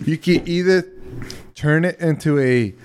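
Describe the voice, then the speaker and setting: A man's voice: fairly high pitch, unhurried, clean tone. A man co-hosting a casual podcast, eagerly chiming in about cars. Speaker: podcast co-host.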